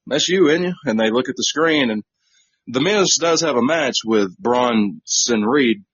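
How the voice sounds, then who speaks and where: A man's voice: mid-range voice, unhurried, a bit bright, breathy edge, no room sound. A man co-hosting a podcast, casually recapping a wrestling show with lots of fillers and jokey asides. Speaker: podcast co-host. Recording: dull lo-fi dry recording.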